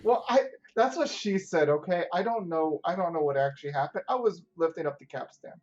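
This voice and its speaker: A man's voice: on the high side, lively intonation, brisk, darkish tone, slight background noise. A man in a tabletop game, speaking in character in an eager way. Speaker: player. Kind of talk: in-character tabletop role-play. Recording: dull, lo-fi mic.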